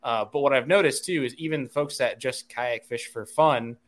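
A man's voice: medium pitch, normal speed, fairly bright tone. A man co-hosting a fishing podcast, talking casually with many fillers and restarts. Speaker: podcast co-host, fishing industry insider. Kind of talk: casual chat.

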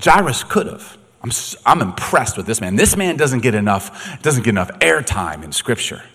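A man preaching a sermon, dramatic and swinging from quiet to loud, in a long echoey hall. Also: medium pitch, sing-song, moderate pace, breathy edge. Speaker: pastor.

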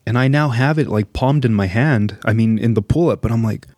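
A man in his thirties telling a comic story about his son in a casual, animated way, swearing, laughing often and dropping into whispers. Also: mid-range voice, a little fast, dry recording, studio quality. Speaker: storyteller, father.

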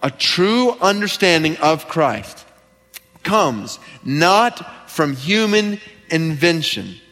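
A man's voice: sits high, a bit bright. A male pastor preaching an expository sermon, earnest and emphatic, repeating key lines for stress. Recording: long reverb from a large hall.

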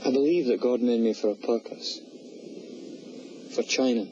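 An actor playing a devout young runner who speaks with earnest, measured sincerity in a film scene. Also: male voice, mid-range voice, close to an everyday voice. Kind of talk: film drama dialogue. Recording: muffled film soundtrack with background noise.

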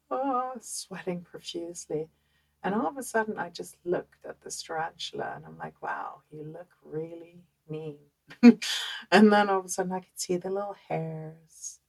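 Dutch-accented woman podcast host, low husky voice, animated chatty storyteller. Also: poor audio. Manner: animated, conversational, many fillers. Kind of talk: personal storytelling monologue.

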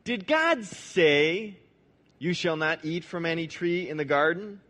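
A man voicing a crafty male serpent who asks drawn-out, mocking questions in a sermon retelling. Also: fairly high pitch, expressive, sharp tone. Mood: insinuating. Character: sly tempting male serpent, doubting and insinuating.

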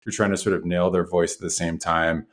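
A male host with a low voice works his way through long, searching questions. He circles and rephrases as he goes, keeping the tone casual. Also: little pitch movement, fairly quick. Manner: rambling, searching questions with many hedges. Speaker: podcast host. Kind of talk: casual podcast interview.

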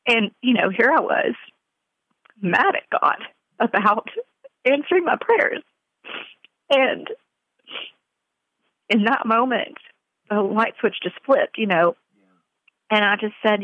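A woman speaking in an interview as a mother, earnest and halting, with many fillers, on slightly muffled audio. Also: medium pitch, no room sound. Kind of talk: emotional personal interview.

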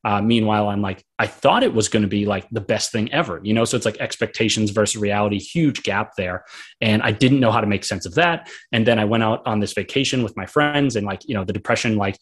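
A man's voice: lowish voice, fairly quick, husky. A young man, an author, telling a candid personal story in an earnest, rambling way, full of fillers. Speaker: author and guest.

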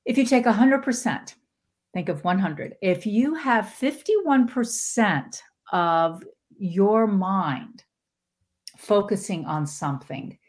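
A woman guest giving a motivational talk on spirituality, animated, her pitch often jumping into quoted voices. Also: slow. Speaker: podcast guest, spiritual teacher.

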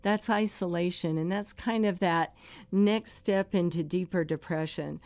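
Woman podcaster, lowish voice, dry close mic, talks plain and casual, does little voices for quotes. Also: unhurried, darkish tone, no room sound. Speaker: podcast host speaking to first responders. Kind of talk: conversational advice talk.

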